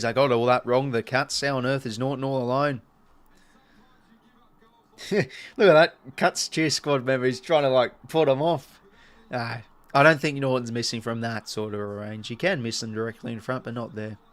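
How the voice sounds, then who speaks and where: A man's voice: medium pitch, moderate pace, pauses often. An Australian man giving casual live play-by-play commentary on a stream, chatting to viewers between calls.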